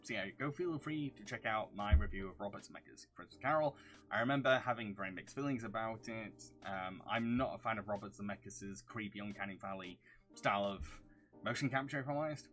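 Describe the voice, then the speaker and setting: A man's voice: lowish voice, fairly quick, a bit bright, faint music behind. A young man from the north of England, a video reviewer chatting casually through viewer questions on a livestream, rambling and humming filler syllables between them.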